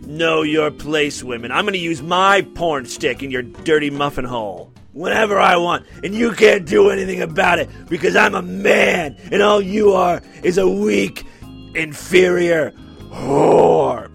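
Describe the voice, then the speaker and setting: A man putting on the voice of a domineering, ranting man, shouting slowly and with heavy emphasis. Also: sits high, creaky, soft background music, full character voice.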